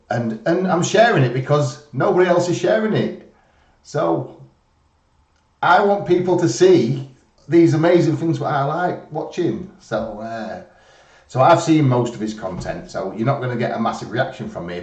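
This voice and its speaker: A man's voice: fairly low pitch, darkish tone, distant mic. A man hosting his reaction channel, chatting in a rambling, laid-back way. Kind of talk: casual chat. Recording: roomy, off-mic.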